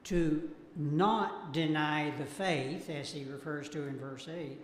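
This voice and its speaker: Man teaching a church Bible class, slightly higher voice, unhurried, echoey hall, faint room noise. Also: steady tone. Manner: slow, deliberate, cites verses. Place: church auditorium.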